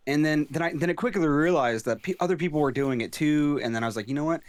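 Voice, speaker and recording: A man's voice: a little high, fast, dry recording. Rowdy, laid-back podcast man. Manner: rowdy, laid-back and profane, chiming in with reactions. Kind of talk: casual podcast chat.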